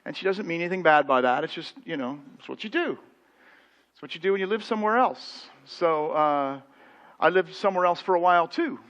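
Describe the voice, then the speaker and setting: Animated American pastor telling stories. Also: male voice, on the high side, fairly quick, muffled recording. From United States. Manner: anecdotal, animated storytelling with quoted voices. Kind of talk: sermon. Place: church sanctuary.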